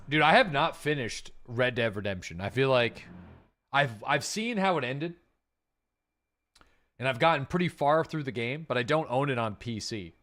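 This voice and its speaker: A man's voice: mid-range voice, moderate pace. A man streaming a game live, chatting casually with his viewers and thanking subscribers by name. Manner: relaxed and chatty, with frequent fillers and asides to chat. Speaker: livestreaming gamer and host.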